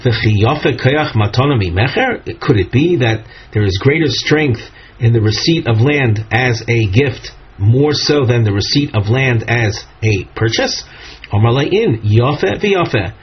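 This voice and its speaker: Husky man teaching a text, lo-fi. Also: medium pitch, expressive. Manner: measured, explanatory, with frequent fillers. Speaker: Talmud teacher. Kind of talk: text study lesson, reading and translating. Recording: dull lo-fi recording.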